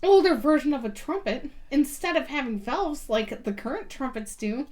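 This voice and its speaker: High-voiced chatty woman telling stories. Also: lively intonation, normal speed, darkish tone. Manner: chatty storyteller, many ums and likes; laughs easily while telling stories. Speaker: podcast guest. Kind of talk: casual chat.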